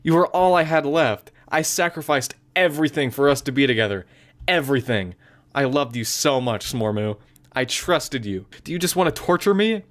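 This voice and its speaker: A man reading aloud the lines of a sweet, possessive young female club president, gentle and self-conscious, later pleading. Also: medium pitch, lively intonation, normal speed, natural voice. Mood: anguished. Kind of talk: reading game dialogue aloud.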